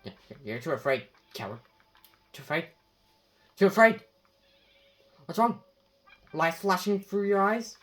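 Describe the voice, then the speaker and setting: A woman gamer hamming it up as she plays, her pitch leaping all over the place. She taunts, swears and swings from shouts to low mutters, with faint game music behind her. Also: big pitch swings, moderate pace, long pauses. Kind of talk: playing a game with a hammed-up voice.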